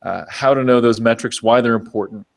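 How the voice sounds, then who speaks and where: A man's voice: medium pitch, a little fast, vocal fry. A man hosting a business interview show, enthusiastic and chatty, often restarting his words. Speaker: podcast host. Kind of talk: upbeat show host chat.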